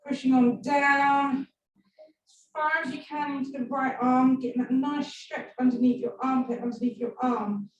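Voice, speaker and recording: A woman's voice: high-pitched, fairly even intonation, moderate pace, lo-fi sound. A woman leading a stretch class, giving playful, encouraging cues. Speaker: fitness instructor. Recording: echoey room, far from mic, music behind. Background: background music.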